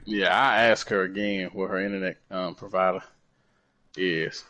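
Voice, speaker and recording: A man co-hosting a podcast, telling a story in a casual, swearing, animated way. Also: sits low, normal speed. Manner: animated, swears freely, acts out quoted dialogue. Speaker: podcast co-host.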